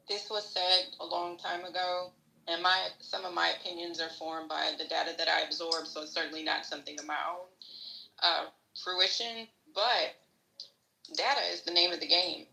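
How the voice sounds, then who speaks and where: A woman's voice: fairly low pitch, fairly even intonation, moderate pace, gravelly, pushed and bright, reverberant, low-quality recording. A woman co-hosting a podcast, giving opinionated, salty, rambling political commentary. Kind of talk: casual political discussion.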